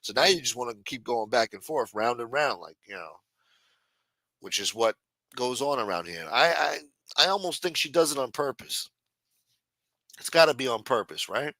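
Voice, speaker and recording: A man's voice: medium pitch, pushed and bright, no echo. A man hosting a livestream, chatting casually and profanely to his chat and acting out quotes as he retells stories. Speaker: livestream host.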